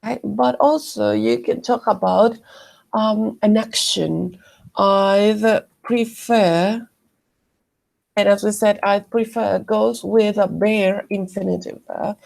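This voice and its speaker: A woman teaching an English grammar lesson, explaining slowly and carefully and correcting herself often. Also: medium pitch, vocal fry, a little mellow. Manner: slow, careful explanations with frequent self-corrections.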